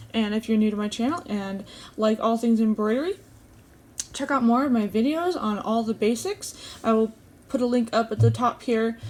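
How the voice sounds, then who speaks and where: Calm woman explaining a craft tutorial. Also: on the high side, slight background noise. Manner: calm, step-by-step explaining while stitching. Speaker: embroidery channel host.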